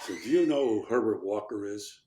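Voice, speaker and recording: A man's voice: fairly low pitch, expressive, brisk, warm tone, reverberant. An older man from Chicago, a former congressman, tells anecdotes in a podcast interview and acts out the quotes with animation. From Chicago, USA.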